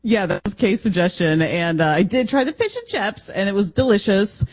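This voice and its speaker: A man from the United States co-hosting a radio show, telling travel stories in an animated way and laughing often. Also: sits high, moderate pace. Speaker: radio co-host. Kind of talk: casual radio chat.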